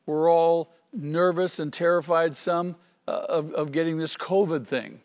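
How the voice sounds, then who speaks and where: A man's voice: fairly high pitch, steady tone, measured pace, in a large hall. A man preaching a sermon as pastor, earnest and emphatic, repeating key phrases for stress.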